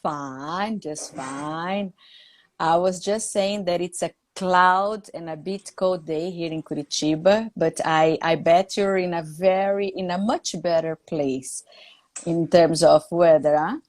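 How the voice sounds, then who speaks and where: Woman, fifties, Brazilian Portuguese accent, Portuguese native speaker, live-stream teacher host, slow deliberate speech, lowish voice, unhurried fillers. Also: a little mellow.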